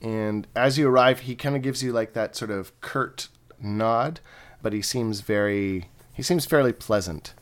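A man's voice: on the low side, a little slow. A man runs a tabletop game as its game master. He narrates in a loose, chatty way and laughs often.

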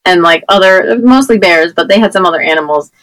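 A woman's voice: fairly low pitch, a little fast, a bit bright, no room sound, rough recording. A woman in her thirties from New Jersey, co-hosting a podcast, rambling chattily and losing her voice. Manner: rambling, chatty storytelling with fillers. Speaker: podcast co-host. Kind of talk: casual chat.

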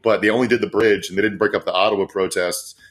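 A man's voice: on the low side, fairly even intonation, fast talker, a bit bright, husky. A man co-hosting a podcast, giving casual, profane and sarcastic political commentary. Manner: profane, sarcastic, rambling with fillers. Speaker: podcast co-host.

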